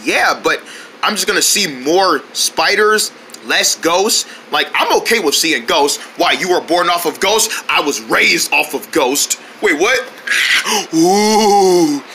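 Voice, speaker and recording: High bouncy cartoon guy voices, super bright, a little hiss behind. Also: lively intonation, measured pace. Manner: goofy, playful, sing-song. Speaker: cartoon creator voicing characters. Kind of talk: cartoon character banter.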